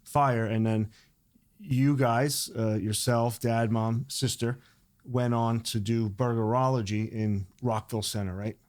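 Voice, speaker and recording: A man hosts a casual podcast interview. He asks his questions in a halting way, stopping and restarting as he goes. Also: medium pitch, fairly even intonation, a little mellow. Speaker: podcast host.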